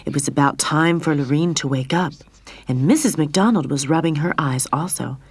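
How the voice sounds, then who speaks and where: A woman reading the storybook narration of a cartoon dub in a lively, expressive way. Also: deep voice, normal speed, husky, no echo. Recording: faint music under the voice.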